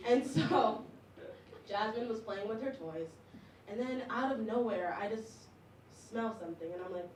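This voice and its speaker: A young woman performs stand-up at a comedy club, her voice on the high side, unhurried and a little mellow. She's chatty, pokes fun at herself, and laughs often between lines. The room is echoey, the mic distant, with audience noise throughout.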